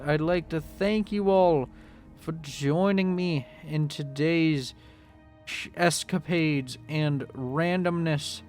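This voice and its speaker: A man's voice: on the high side, slow pace, a little mellow, soft background music. A man casting a strategy game in a rambling, jokey way, talking straight to the players. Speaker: game caster.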